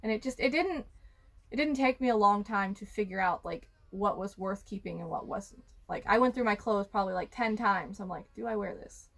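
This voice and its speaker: A woman's voice: mid-range voice, moderate pace. A young adult woman talking casually while giving a tour of her converted bus home, chatty and quoting herself. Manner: chatty, filler-heavy, quotes herself. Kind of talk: casual chat.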